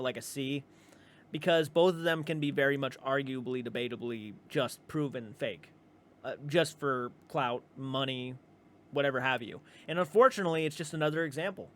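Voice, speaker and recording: A man's voice: on the high side, fairly bright tone. A man hosting a reaction video, talking casually and rambling, with restarts and casual swearing. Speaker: reaction channel host.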